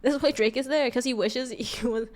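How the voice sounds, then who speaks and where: A woman's voice: fairly high pitch, brisk. A woman from California with a Californian accent, chatting casually on a live stream in a bubbly, giggly way, often stumbling over and repeating her words.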